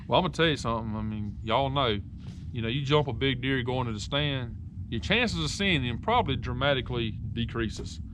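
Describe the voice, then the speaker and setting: A man's voice: mid-range voice, animated, brisk, noisy background. A man hosting a casual interview, chatty and joking, with sarcastic asides. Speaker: outdoors show host.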